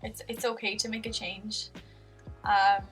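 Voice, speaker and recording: A woman's voice: mid-range voice, flat delivery, measured pace, recorded from a distance, rough recording. A young woman with an Irish accent talking candidly to camera in a rambling, casual vlog, with lots of fillers. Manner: rambling and candid, many fillers, soft laughs. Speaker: vlogger. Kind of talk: casual confessional talk to camera. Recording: music faintly behind, voice a bit off-mic.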